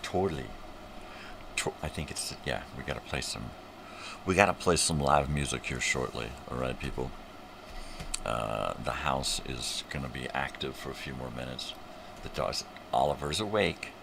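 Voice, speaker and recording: A man's voice: very deep voice, normal speed, gravelly, noisy background. An older man hosting a rambling live morning show from home, joking loosely and chatting to his dog. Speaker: livestream host.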